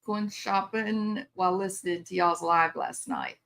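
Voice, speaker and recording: A woman's voice: lowish voice, steady tone, measured pace, vocal fry, fairly bright tone. A chatty, bubbly older woman, hosting a casual live stream and laughing often. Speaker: livestream host.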